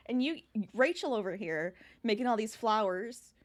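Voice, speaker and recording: A woman's voice: a little high, lively intonation, moderate pace. Chatty woman streaming her crochet. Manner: chatty, laughs often, talks to chat. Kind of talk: casual live-stream chat.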